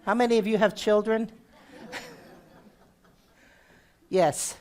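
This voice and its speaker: A woman's voice: mid-range voice, steady tone, slow, long pauses. A middle-aged woman giving a conversational sermon as a guest minister, asking the congregation questions as she goes. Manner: warm conversational preaching with audience questions.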